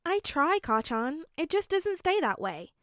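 A woman voicing a gentle, sweet-natured young man with a soft, raised voice in a fanfic audiobook reading. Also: high voice, very animated, measured pace, dry recording, clean studio sound, voice pushed up, exaggerated voice.

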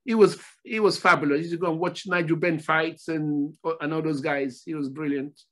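An older man from Nigeria, a former footballer, telling stories as a podcast guest in a relaxed chat, often repeating his phrases. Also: fairly high pitch, moderate pace. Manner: repeats phrases, animated storytelling. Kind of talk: casual storytelling interview.

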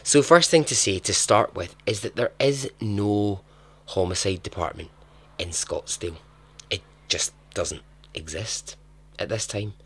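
A man's voice: lowish voice, measured pace, fairly bright tone, slightly rough. A man hosting a storytelling podcast, narrating in a chatty, dramatic way with joking asides. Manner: chatty, dramatic, laughs at his own asides. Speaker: podcast host.

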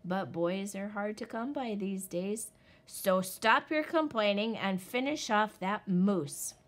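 A woman's voice: mid-range voice, slow, lightly acted. Woman doing a weary father wolf. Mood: reminiscing. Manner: sighing, gently stern.

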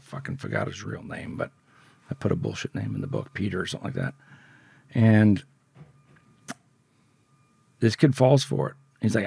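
A man's voice: fairly low pitch, sing-song, moderate pace, vocal fry, pauses often, dark tone, slightly rough, no room sound. A middle-aged man telling a blunt, profane story as a podcast guest. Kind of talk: storytelling in an interview.

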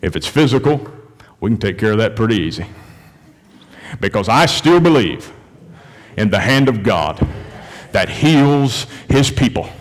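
A man's voice: lowish voice, very animated, unhurried, long pauses. Preaching man in a reverberant church. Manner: preaching with big swings from hushed to shouted. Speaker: pastor. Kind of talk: sermon. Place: church sanctuary during worship service. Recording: long reverb of a church hall.

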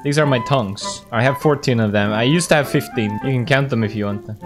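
A man in his thirties, a gaming streamer, giving goofy, jokey casual commentary while he plays and breaking into loud yelps. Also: medium pitch, brisk. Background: background music.

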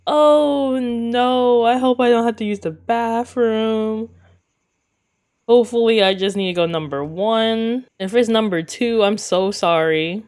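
A woman's voice: on the high side, a little slow, darkish tone. A woman giving let's play commentary on a game, giggly, often breaking into laughter and exclaiming in disgust. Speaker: gaming video creator.

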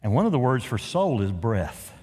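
Animated male pastor preaching in a reverberant hall. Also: moderate pace, husky. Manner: animated preaching, swings from loud emphasis to hushed lows; folksy, joking asides. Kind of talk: sermon. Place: large church sanctuary.

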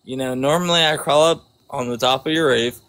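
A man in his thirties from Georgia with a Southern accent, chatting on a speed date in a cocky, teasing, deadpan way. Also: medium pitch, fairly quick. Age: 30s. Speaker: prank speed dater. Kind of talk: casual chat.

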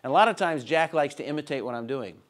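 A man's voice: fairly high pitch, animated, quick pace. Man teaching with playful stories. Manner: playful, acts out voices and gestures. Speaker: speaker teaching a college-prep session. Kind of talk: lively classroom teaching with stories. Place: classroom in front of students.

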